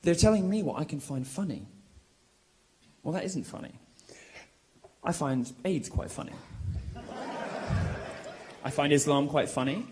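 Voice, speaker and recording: A British man giving a provocative, mocking live speech to a college crowd in a large, lively room, delivering it loudly and with projection. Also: a little high, moderate pace, long pauses, a little hiss or hum. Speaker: public speaker.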